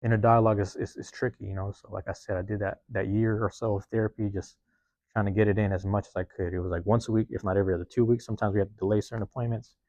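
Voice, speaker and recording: Fairly low-pitched and a little mellow, this man's voice comes out flat and rapid-fire with no room sound. As a podcast host, he delivers a casual, profane, rambling monologue in streetwise talk, reflecting on himself and often checking in with listeners.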